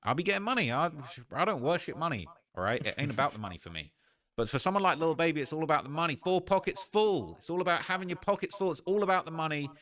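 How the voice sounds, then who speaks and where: A man's voice: a little high, very animated, fast talker, fairly bright tone. A man hosting a casual reaction show, giving slangy, opinionated commentary and often tagging lines with "all right?". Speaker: host.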